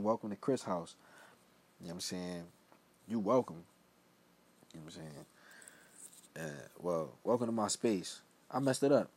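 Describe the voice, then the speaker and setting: Here a young podcast host from Philadelphia delivers a casual, rambling monologue on his own, frequently fading into mumbled asides. His voice is on the low side, a little mellow, with a breathy edge.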